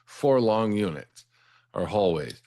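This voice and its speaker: A middle-aged man, an interview guest, earnestly tells his life story in a fairly low, dark, animated voice at a slow pace. He repeats words when starting a thought and asks "right?" after his points, a candid personal account.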